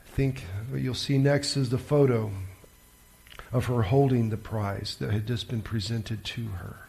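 Slow gravelly preacher man. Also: medium pitch, fairly even intonation, warm tone. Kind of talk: sermon storytelling.

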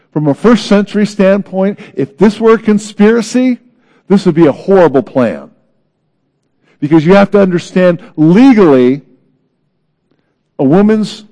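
Earnest preacher with a warm voice. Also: male voice, high voice, expressive, unhurried, pauses often. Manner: earnest, dramatic swings between loud and hushed. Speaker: pastor. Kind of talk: sermon.

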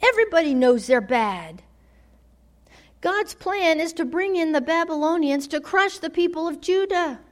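A woman preaching a sermon, dramatic, swinging from loud declarations to hushed near-whispers. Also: extremely high pitch, expressive, normal speed.

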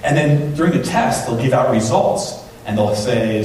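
A man preaching a sermon in a church, talking in a conversational, animated way and acting out the people in his stories. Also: mid-range voice, normal speed, distant mic, a little hiss or hum. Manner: conversational, animated storytelling with quoted voices. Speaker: pastor. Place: church sanctuary. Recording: very echoey hall, voice from off-mic.

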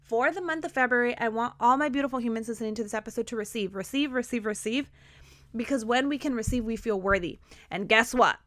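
A woman's voice: a little high, fast talker, no room sound. A woman hosting a motivational podcast, talking energetically and emphatically, repeating key words. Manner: energetic, enthusiastic, emphatic repetition. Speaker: podcast host.

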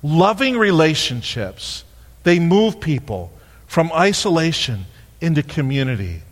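Animated preacher man in a reverberant hall. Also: fairly high pitch, a little slow. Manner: animated storytelling, acting out voices. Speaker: pastor. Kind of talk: sermon. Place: church sanctuary.

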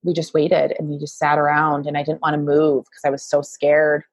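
Low husky-voiced woman sharing her story, lots of "like", dry close sound. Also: completely flat delivery, a little fast, dry recording. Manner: tearful at times, chatty with many fillers. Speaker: guest. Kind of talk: emotional personal storytelling.

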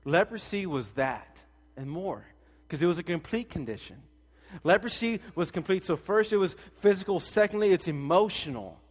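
A young man preaching a sermon in a casual, animated way, full of slang and acted-out voices. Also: sits high, moderate pace. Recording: long hall reverb.

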